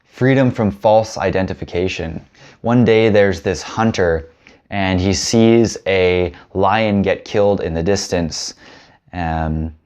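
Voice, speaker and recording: A man with a low, slightly mellow voice hosts a self-help video. His talk is earnest and musing, reflective, with stories told casually.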